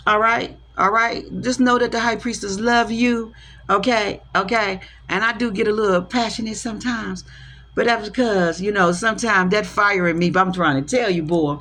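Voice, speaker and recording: A woman's voice: lowish voice, vocal fry, slight background noise. Passionate woman tarot reader, street slang. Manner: passionate, slangy, repeats herself, swings from soft to loud. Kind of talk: casual spiritual talk to viewers.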